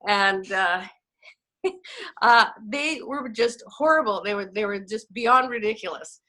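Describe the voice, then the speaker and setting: A Canadian network marketing coach chats casually over a video call, poking fun at herself in her stories. Her mid-range voice is expressive and sharp-toned, and she takes her time.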